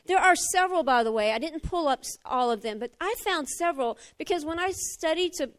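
A middle-aged woman preaching a sermon, animated, swinging from emphatic fire down to quiet talk. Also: a little fast. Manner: animated, rising to emphatic fire then dropping low.

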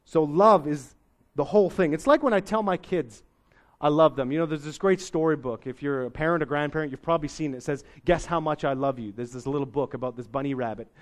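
A man's voice: fairly high pitch, fast. Folksy, conversational preacher man. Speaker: pastor. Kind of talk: sermon.

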